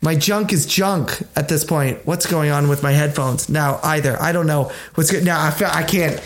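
A man's voice: a little high, normal speed, a little hiss or hum. A man in his thirties hosting a podcast, ranting in a rambling, exasperated, profane way. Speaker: podcast host. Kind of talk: casual chat.

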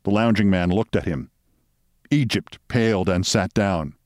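A man hosting, giving a measured, wry reading of a short crime story aloud. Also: low voice, darkish tone, dry recording, clean studio sound.

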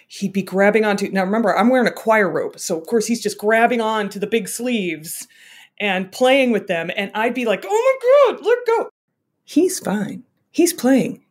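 A woman who sings at church, telling a brisk story about her toddler with exasperated humor. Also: medium pitch, husky. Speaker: church singer and parent.

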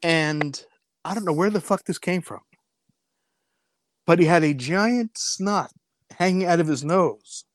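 A man co-hosting a podcast, telling a story in a casual, animated way, cursing freely and acting out what people said. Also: on the high side, unhurried, long pauses, dry recording. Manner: animated, profane, acts out voices in his story. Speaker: podcast co-host.

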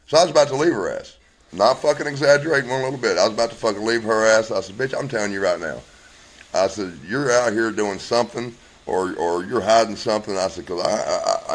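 A man's voice: lowish voice, low-quality recording. A blunt man tells his story at length and swears constantly. He rambles from one point to the next and acts out both sides of the argument as he goes. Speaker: interviewee telling his story.

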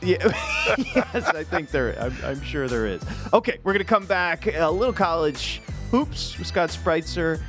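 A man hosting a sports betting talk show, joking and lively with his co-hosts. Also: on the high side, a little slow, few pauses, music in the background. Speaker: host.

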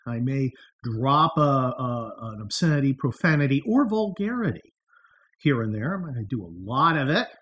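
A man's voice: medium pitch, animated, normal speed, fairly bright tone, highs cut off. A middle-aged man hosting a podcast from a room in his house, talking in a wry, sarcastic monologue with mocking asides. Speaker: podcast host. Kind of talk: casual political monologue.

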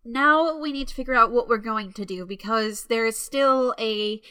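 A blunt, exasperated woman with a fairly high voice. Her recording is dry and close. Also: moderate pace, bright, forceful tone, clean tone, no echo. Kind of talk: comedic audio drama.

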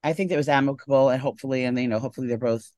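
A man's voice: mid-range voice, steady tone, a little mellow. A man co-hosting a podcast, telling gossipy stories in a casual chat. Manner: rapid-fire gossipy storytelling. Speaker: podcast co-host.

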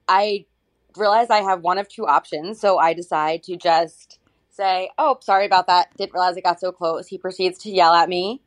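Casting: woman with a lower voice, relaxed anecdote, easygoing. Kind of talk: casual spoken story.

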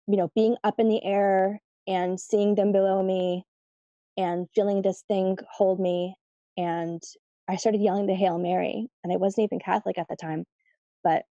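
A woman recounting a personal story as an interview guest, rambling loosely with plenty of "like" and "um". Her voice is mellow and soft-edged, recorded close and dry. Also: lowish voice, dry recording, highs cut off. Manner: chatty, lots of fillers, "like" and "you know".

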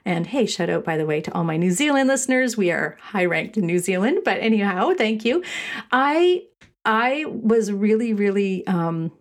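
A woman's voice: mid-range voice, animated, moderate pace. A middle-aged woman from Canada hosting a casual solo podcast, talking in a rambling way with restarts and laughs. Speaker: podcast host and shop owner.

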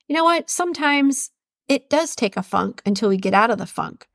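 A woman hosting a solo podcast, reading quotes aloud and chatting casually, laughing at her own slips in an animated way. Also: a little high, moderate pace, gravelly, no room sound, studio quality. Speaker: podcast host.

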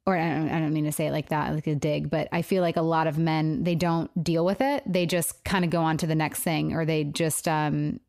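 A woman's voice: low voice, steady tone, brisk, gravelly, hardly any pauses, darkish tone. A woman hosting a podcast, speaking sympathetically and hedging her points carefully. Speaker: podcast host. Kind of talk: casual podcast chat.

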